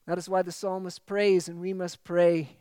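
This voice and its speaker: A man's voice: sits high, level tone, moderate pace, dark tone, smooth, dry recording. A man preaching a sermon as pastor, emphatic and full of repeated phrases.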